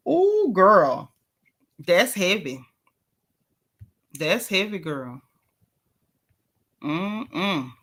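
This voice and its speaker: A woman's voice: lowish voice, big pitch swings, extremely slow, pauses often, a bit bright. A woman hosting a casual celebrity gossip show, sassy and chatty, talking straight to her viewers as y'all and reading their comments aloud. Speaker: gossip channel host.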